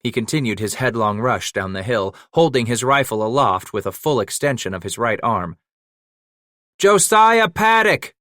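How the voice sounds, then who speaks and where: A man reading a western audiobook in steady, measured scripted narration. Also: on the low side, dry recording. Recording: dry close studio recording.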